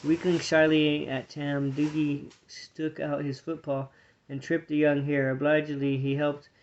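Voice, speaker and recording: A man reading a storybook aloud to his children, with a steady, plain delivery and small slips. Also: on the high side, a little slow, highs cut off.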